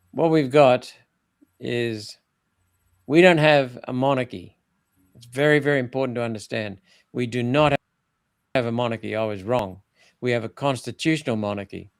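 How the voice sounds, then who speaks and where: Blunt older man, gravelly. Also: mid-range voice, no echo. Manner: blunt, emphatic, with frequent restarts. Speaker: former senator interviewed as guest. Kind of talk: political interview talk.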